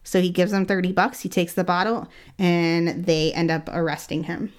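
Animated low-voiced woman telling a story. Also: moderate pace. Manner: animated, acts out quotes, laughs often. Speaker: guest storyteller. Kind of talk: casual true-crime storytelling.

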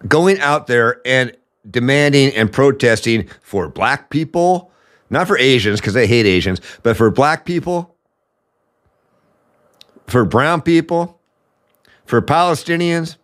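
A man's voice: mid-range voice, a bit bright. A man from the United States hosting a political commentary show, ranting with anger and profanity. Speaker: podcast host.

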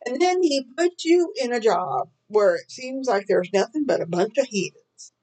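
A woman's voice: on the high side, lively intonation, moderate pace, a little mellow, low-quality recording. A middle-aged woman teaching from the Bible in a sermon style, earnest and full of searching questions.

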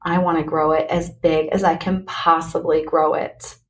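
A woman hosting her own podcast, talking candidly and earnestly to listeners in a motivational pep talk, speeding up then slowing on key words. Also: low-pitched, level tone. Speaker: podcast host.

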